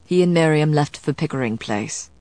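A woman voicing a composed, protective male scholar who speaks calmly and firmly, in clipped phrases, as an audiobook figure. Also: on the high side, normal speed, no echo, lightly acted. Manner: calm, firm, clipped.

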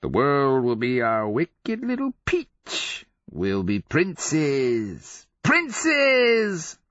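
A man voicing a mad, gleeful sergeant in an audiobook, with a shrill, unhinged, crooning voice. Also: wildly swooping pitch, extremely slow, fairly bright tone, no room sound, exaggerated voice. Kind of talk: audiobook character voice. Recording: slightly muffled dry recording.

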